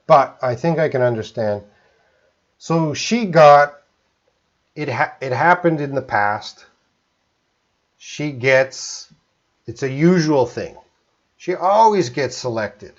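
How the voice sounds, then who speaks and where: A Canadian man teaching English in a live stream, relaxed, explaining slowly with simple examples. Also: mid-range voice, lo-fi sound.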